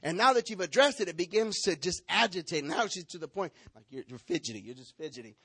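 A male pastor preaching a sermon in an animated way, stepping into role-play to act out members of his congregation. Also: sits high, fast talker, husky, dry recording.

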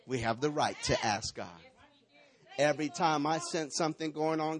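A pastor preaching a sermon, calling on the congregation to answer him, moving from hushed asides to rousing calls. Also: male voice, fairly high pitch, normal speed, dry recording. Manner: preachy call-and-response, shifting from hushed to rousing.

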